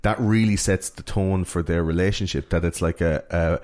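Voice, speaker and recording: A man with a very low voice talks through a film in casual podcast chat. He rambles, restarts and leans on filler words as he retells scenes. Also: steady tone, normal speed, darkish tone.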